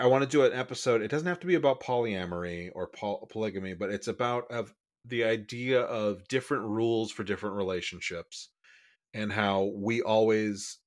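A man with a lowish voice co-hosting a casual podcast. He rambles, restarts sentences and rushes in quick bursts. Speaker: podcast co-host.

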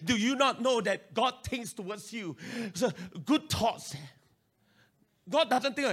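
A male pastor with a Singaporean English accent, preaching an animated sermon and urging his listeners to respond. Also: very high voice, unhurried, breathy edge.

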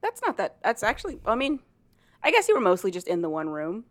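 A woman's voice: mid-range voice, huge pitch swings, a little fast, no echo. Bubbly woman in her late twenties, podcast co-host, casual chatty read, dry sound. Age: late 20s. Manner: bubbly, laughs often. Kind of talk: casual chat.

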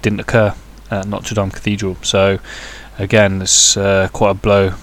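Casual male podcaster, somewhat low voice, meandering delivery full of ums and crude humour. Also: completely flat delivery, measured pace, a bit bright. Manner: rambling, hesitant with many fillers, crude jokey asides. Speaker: podcast host. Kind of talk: casual solo podcast chat.

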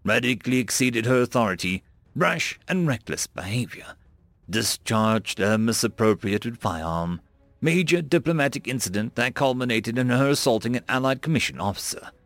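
A man's voice: medium pitch, expressive, normal speed, fairly bright tone, dry recording. A man narrating a story with wry, playful asides. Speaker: audiobook narrator.

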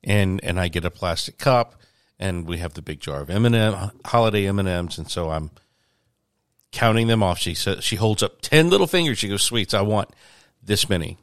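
Man, very deep voice, relaxed storyteller, dry close mic. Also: moderate pace, smooth, dry recording. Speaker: co-host. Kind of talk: casual chat.

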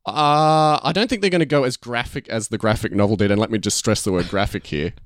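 A man co-hosting a casual chat, retelling and guessing a story plot in quick, animated bursts with asides. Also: lowish voice, dry recording, clean studio sound. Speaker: podcast co-host.

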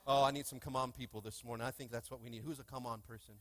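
A man preaching a lively sermon in a church, with call-and-response and playful asides to the congregation. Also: medium pitch, racing. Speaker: pastor. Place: church sanctuary.

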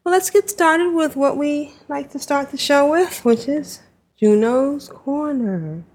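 A woman's voice: high-pitched, takes it slowly, a little mellow. Cheerful woman hosting a podcast. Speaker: podcast host. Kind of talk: casual podcast chat.

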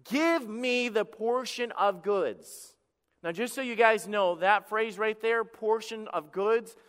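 A man's voice: high voice, fairly bright tone, long reverb tail. A male pastor preaching a sermon, emphatic and repeating words as he builds up.

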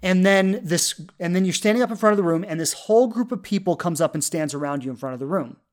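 A woman's voice: fairly low pitch, fast talker, darkish tone. A woman in her thirties, a love coach, telling a personal story in an earnest, heartfelt way, full of fillers and restarts. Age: 30s.

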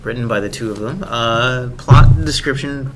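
A man on a casual movie podcast who talks haltingly and stumbles while reading a summary aloud. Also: medium pitch. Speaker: podcast co-host. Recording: loud noise in podcast recording.

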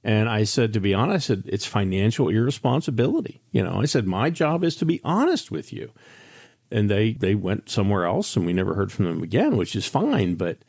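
On the low side, gravelly, slightly rough yet a little mellow, this older man's voice is very animated and fairly quick. He hosts a financial radio show as an advisor, giving a candid, chatty monologue of frank stories with frequent restarts. The studio-quality recording has no echo.

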